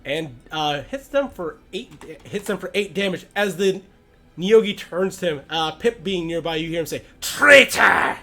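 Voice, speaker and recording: A man's voice: on the high side, lively intonation, normal speed. A man acting as game master, easygoing in his rulings and dramatic when he narrates the action.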